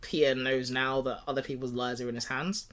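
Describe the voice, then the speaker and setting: A man co-hosting a podcast in casual chat, pitching a movie plot and acting out characters in quick voices, laughing often. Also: fairly even intonation, a bit bright. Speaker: podcast co-host.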